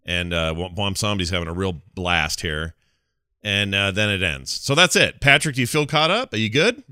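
A man's voice: deep voice, lively intonation, normal speed, bright, forceful tone, smooth, no echo, clean studio sound. A man hosting a casual podcast. He rambles through a recap, fumbles names and laughs often. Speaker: podcast host.

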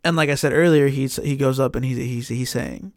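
Man, gravelly voice, dry close sound, animated casual storytelling. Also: mid-range voice, a little fast, no room sound. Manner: animated, swears often, heavy "like" fillers.

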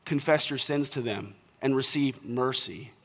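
A man's voice: medium pitch, unhurried. A young man preaching an earnest, conversational sermon to fathers as pastor. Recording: reverberant hall.

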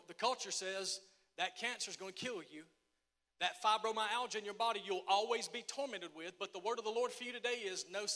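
A male pastor preaching a sermon, emphatic and repetitive, swinging from shouting to hushed tones. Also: sits high. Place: church sanctuary. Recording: echoey church hall.

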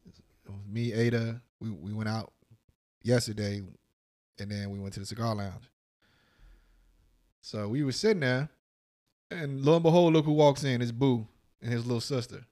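A man co-hosts a casual podcast and tells a long, profane story about a night out, jumping into the other people's lines as he goes. His pitch sits in the middle for a man. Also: normal speed, pauses often. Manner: animated, profane, voices other people in quotes. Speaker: podcast co-host.

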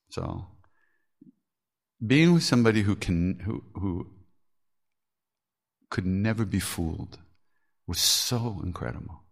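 A man's voice: on the low side, gravelly. A man hosting a podcast, telling spiritual stories in a frank, earthy way, swearing and laughing at himself. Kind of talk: candid storytelling talk.

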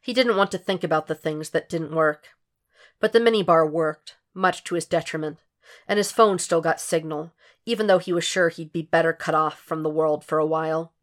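Woman audiobook reader, low-pitched, steady storytelling. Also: moderate pace. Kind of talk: fan fiction audiobook narration.

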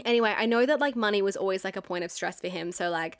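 A woman's voice: mid-range voice, quick pace. A young woman telling a personal story to camera in a candid, chatty way, with lots of "like" and some swearing. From Australia. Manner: chatty and candid, heavy use of "like", frequent swearing. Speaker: vlogger. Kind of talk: storytime monologue.

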